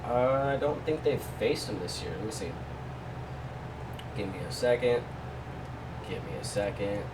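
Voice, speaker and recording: A man's voice: mid-range voice, expressive, unhurried, far from the mic, very noisy. A man hosting a casual betting picks vlog, talking loosely with jokey asides to his viewers. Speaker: sports betting host.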